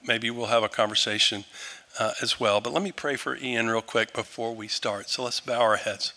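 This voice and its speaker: A male pastor leading an earnest, halting prayer before a church group. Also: mid-range voice, sharp tone, big-room sound. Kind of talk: sermon and prayer.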